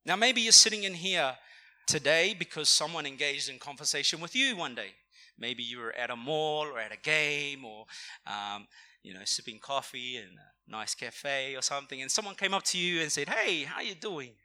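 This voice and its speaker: A man's voice: fairly high pitch, normal speed. A young man preaching a sermon in a church, talking conversationally and calling on the congregation to respond. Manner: energetic, conversational, calls for audience response. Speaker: pastor. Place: church auditorium.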